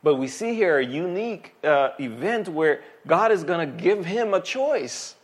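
A man's voice: fairly high pitch, measured pace, breathy edge. Emphatic male pastor preaching. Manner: animated, emphatic preaching with vivid asides. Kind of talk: sermon.

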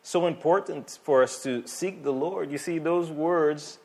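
A man preaching a sermon as pastor, animated and emphatic, with vivid everyday asides. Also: fairly high pitch, a little slow.

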